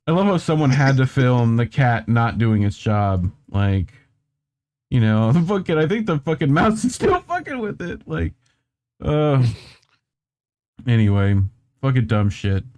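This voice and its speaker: A man's voice: medium pitch, big pitch swings, a little mellow. A man hosting a casual chat show, reacting to funny videos, swearing a lot and laughing often. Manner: swears constantly, laughs often, slow drawl. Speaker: podcast host.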